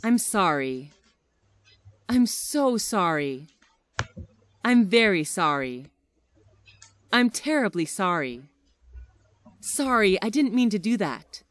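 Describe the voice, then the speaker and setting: A woman slowly reading everyday English phrases one at a time for learners, with a deliberate teaching delivery. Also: mid-range voice, big pitch swings.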